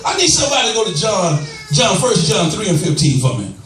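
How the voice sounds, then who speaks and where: High-pitched preaching man in echoey church. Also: brisk, soft background music. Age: older. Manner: animated, shouting, laughing, teasing the congregation. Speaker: bishop preaching. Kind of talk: call-and-response sermon. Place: church sanctuary. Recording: echoey church sanctuary, mic at a distance.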